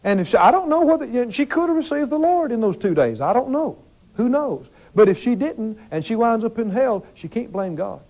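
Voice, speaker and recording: A man delivers a sermon with a high, lively voice. He talks emphatically, repeats himself and asks the congregation questions. The recording sounds dull and lo-fi. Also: fairly quick. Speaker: preacher.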